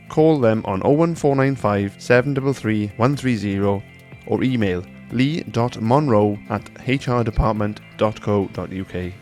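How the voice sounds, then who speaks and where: A man reading sponsor adverts for a podcast in a brisk, upbeat promotional way. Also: fairly low pitch, darkish tone. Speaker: ad reader. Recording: music bed underneath.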